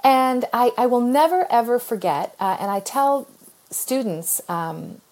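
A woman's voice: on the high side, unhurried. A middle-aged woman from the United States, an author telling a personal story in an interview with earnest feeling and frequent laughter. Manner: expressive, earnest, laughs often while telling. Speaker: author guest.

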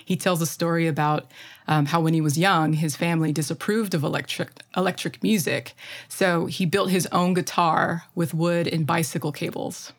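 Enthusiastic Midwestern woman, low voice. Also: steady tone, moderate pace. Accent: Midwestern American. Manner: enthusiastic, chatty, many fillers. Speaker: podcast co-host. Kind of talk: casual music chat.

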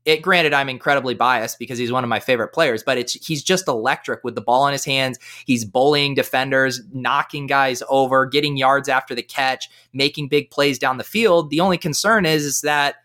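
A man giving fantasy football analysis as a guest in a casual podcast chat, talking with energy. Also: mid-range voice. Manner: energetic, fast-flowing analysis.

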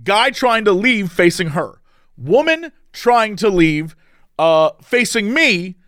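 A man with a high, lively voice tells a story in a casual chat. He laughs often and acts out each person in it. The sound is dry and close. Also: takes it slowly, no echo. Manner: animated, laughing, acting out the people in his story.

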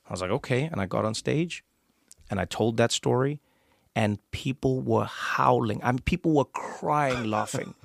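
A man with a South African accent, hosting a casual conversation and telling stories with lively acted-out quotes. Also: medium pitch, normal speed, vocal fry, no echo, clean studio sound. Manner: animated storyteller, acts out quoted voices. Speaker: podcast host.

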